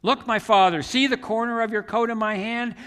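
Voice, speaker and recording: A man's voice: extremely high pitch, steady tone, a little fast, fairly bright tone, smooth, long reverb tail, voice pushed up. A preacher voicing a young male warrior-king who pleads earnestly and declaims his innocence. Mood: pleading. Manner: impassioned, declaiming.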